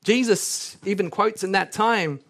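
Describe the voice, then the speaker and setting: A man's voice: sits high, measured pace. A male pastor preaching a sermon, earnest, with joking asides and scripture read aloud. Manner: lively, joking asides between earnest points; reads scripture aloud with rising intensity.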